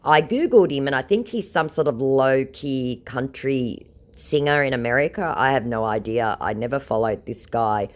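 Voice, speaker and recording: With a rumbling low voice that's animated and paced normally, this woman vlogger casually relates how she chatted with scammers, ridiculing them sarcastically throughout.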